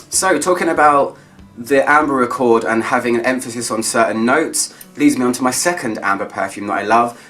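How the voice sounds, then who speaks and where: Friendly male vlogger, mid pitch, gushing casual delivery, slightly distant mic. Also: bright, forceful tone. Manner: enthusiastic, chatty, lingers on descriptive words. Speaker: fragrance reviewer. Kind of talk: casual chat to camera.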